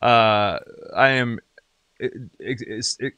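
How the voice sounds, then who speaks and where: A middle-aged man from South Carolina with a light Southern accent, talking as a podcast guest in his home studio, chatty and animated with frequent restarts. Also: medium pitch, slow, clear, resonant tone, dry recording, muffled recording. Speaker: guest, singer-songwriter and radio DJ. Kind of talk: casual interview chat.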